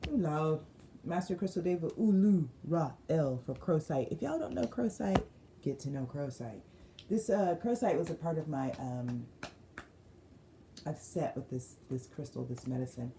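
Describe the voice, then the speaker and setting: A woman's voice: deep voice, expressive, moderate pace, noisy background. A woman giving a casual spiritual crystal card reading, chatty and digressive, reading the card text aloud with emphasis. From United States. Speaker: spiritual reader.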